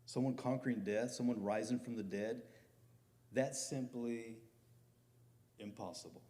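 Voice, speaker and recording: Pastor, middle-aged man, mellow tone, conversational sermon with emphatic swells. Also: mid-range voice, fairly even intonation, a little slow. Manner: conversational preaching with rising emphatic peaks.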